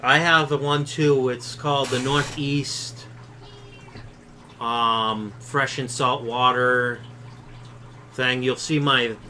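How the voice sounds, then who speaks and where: Bright-voiced man chatting on a live stream. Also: mid-range voice, fairly even intonation, takes it slowly, long pauses, slight background noise. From Chicago. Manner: reads viewer comments aloud and answers them offhand. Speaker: aquarium channel host. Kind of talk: casual live-stream chat.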